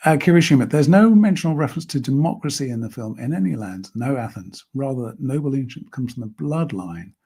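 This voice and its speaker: Male host, mellow and slightly husky, unhurried and reflective. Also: mid-range voice, animated. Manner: measured, thoughtful, reads out viewer comments. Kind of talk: live-stream discussion.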